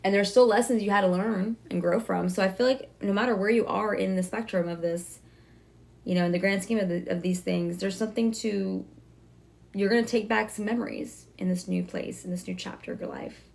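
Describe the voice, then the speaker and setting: Chatty woman tarot reader, gravelly edge. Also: mid-range voice, fairly even intonation, darkish tone. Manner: talks fast, self-correcting, chatty and reassuring. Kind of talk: casual tarot reading to viewers.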